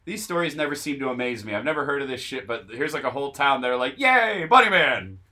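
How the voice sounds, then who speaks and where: A man's voice: mid-range voice, fast, sharp tone. A man co-hosting a podcast in casual chat, laid-back and joking, sometimes reading from an article. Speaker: podcast co-host.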